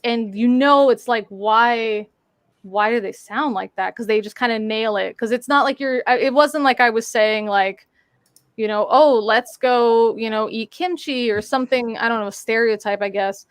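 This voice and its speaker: A woman's voice: a little high, moderate pace, fairly bright tone, smooth, no echo, clean studio sound. A woman in casual chat on a live stream, telling a story with lots of fillers and playful voice mimicry. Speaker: guest on a live talk stream.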